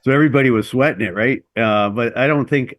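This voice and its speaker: A man's voice: medium pitch, fast talker, no room sound. A middle-aged man, a former Navy SEAL, telling stories in a casual interview, with rambling speech full of fillers and restarts.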